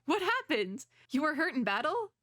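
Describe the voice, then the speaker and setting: A woman's voice: sits high, big pitch swings, moderate pace, a bit bright, no room sound, studio quality, pitched above the performer's own voice. A woman reading the lines of an upbeat, friendly young Valkyrie in a game. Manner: friendly, encouraging.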